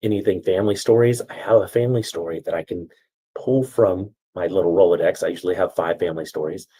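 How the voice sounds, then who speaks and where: A man with a low, very husky voice teaches video storytelling. He talks casually, tells a family story and keeps checking that his listeners are following. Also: steady tone, fast, mellow, rough recording. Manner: conversational, checks in with "okay?". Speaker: video coach.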